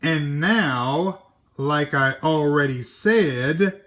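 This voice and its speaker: A man, an educator, reading a children's storybook aloud with an expressive, animated manner. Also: fairly high pitch, takes it slowly.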